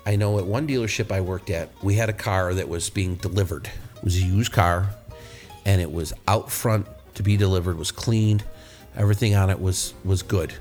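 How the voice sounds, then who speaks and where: A man's voice: sits low, normal speed, a little mellow, soft background music. A male podcast host who works as a mechanic, telling blunt, profane, rambling shop stories. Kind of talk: casual podcast storytelling.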